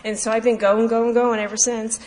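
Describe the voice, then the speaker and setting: A woman's voice: a little high, flat delivery, a little fast, darkish tone, slight background noise. A woman sharing her recovery story at a meeting, talking casually with many fillers and restarts. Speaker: AA meeting speaker. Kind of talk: personal recovery talk. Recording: echoey hall, faint ambience.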